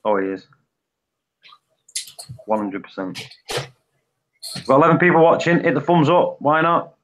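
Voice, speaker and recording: A man's voice: fairly high pitch, lively intonation, moderate pace, fairly bright tone, slight background noise. A man hosting a live stream, chatting casually and rambling through stories. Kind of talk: casual chat. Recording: dull lo-fi stream audio.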